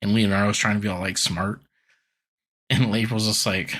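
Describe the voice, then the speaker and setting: Male podcast co-host, forceful and a bit raspy, loose filler-heavy recap chat. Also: fairly low pitch, steady tone, brisk. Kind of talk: casual chat recapping a cartoon episode.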